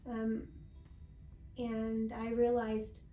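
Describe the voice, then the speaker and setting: A woman guest sharing a personal faith testimony in an interview, telling her story slowly and from the heart. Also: on the high side, monotone, mellow, reverberant, faint music behind, low-quality recording. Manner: slow, heartfelt storytelling with many pauses.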